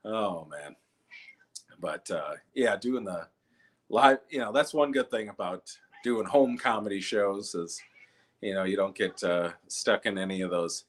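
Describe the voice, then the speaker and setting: A man's voice: animated, measured pace. A young man from Minnesota doing an online stand-up set from home, loose storytelling that jumps into quoted voices. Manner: loose storytelling, acts out quoted people in jumpy high voices. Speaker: stand-up comedian.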